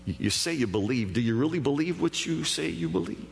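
A man's voice: a little high, expressive, a little fast, creaky, big-room sound, a little hiss or hum. A man preaching a sermon in a conversational, emphatic way, often stammering over restarts. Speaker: pastor.

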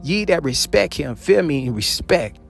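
A man preaching a sermon on scripture with fervor. He repeats phrases, calls out hallelujah often, and swings between loud calls and low murmurs. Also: very animated, normal speed, gravelly, faint music behind.

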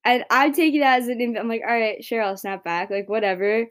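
A woman's voice: fairly high pitch, fairly quick, few pauses, clean tone. A young woman hosting her own podcast, talking in a rambling casual monologue full of "like" and "right?", swearing freely and getting heated when frustrated. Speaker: podcast host.

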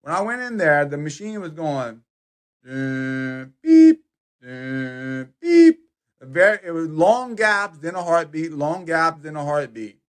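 A man's voice: a little high, moderate pace, hardly any pauses, bright, forceful tone. A man telling a personal church testimony in casual conversation, with many restarts, acting out sounds and voices. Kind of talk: casual storytelling.

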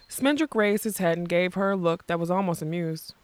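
A woman reading a fantasy storybook aloud in a measured, expressive narration style. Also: fairly low pitch, dry recording. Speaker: audiobook narrator.

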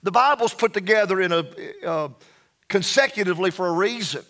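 A man preaching a sermon as pastor, emphatic, reading scripture slowly and dropping his voice low for emphasis. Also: animated, fairly bright tone. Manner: slow, emphatic preaching with dramatic drops in pitch and volume; reads scripture slowly and deliberately.

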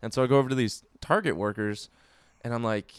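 A man's voice: medium pitch, fast talker, clear, resonant tone, no room sound. A young man telling a rowdy story in casual podcast chat, swearing a lot and acting out what people said. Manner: animated storyteller, swears a lot, acts out quotes.

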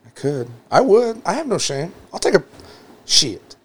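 A man's voice: high voice, big pitch swings, measured pace, husky. A man in casual podcast conversation who is easygoing and mocks himself. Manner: easygoing, self-mocking. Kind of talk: casual crude banter.

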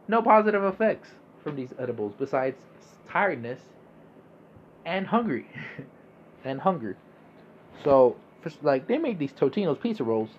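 A man's voice: a little high, sing-song, moderate pace, long pauses, dull audio, slight background noise. A young man hosting a casual monologue podcast, laid-back and rambling, swearing freely. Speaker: podcast host.

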